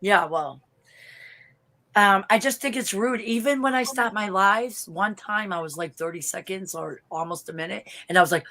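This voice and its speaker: A woman with a thick Boston accent telling stories in a casual video-call chat, animated and blunt, swearing and laughing often. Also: mid-range voice, moderate pace, rough recording. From Boston area, US. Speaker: interview guest.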